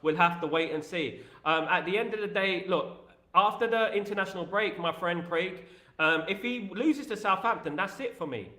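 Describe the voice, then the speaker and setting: A man with a high, bright voice hosts a live stream, talking in a lively, opinionated way and repeating himself often. He sounds roomy, with a clear echo around him. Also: normal speed. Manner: animated, repetitive and opinionated. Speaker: host of a fan live stream.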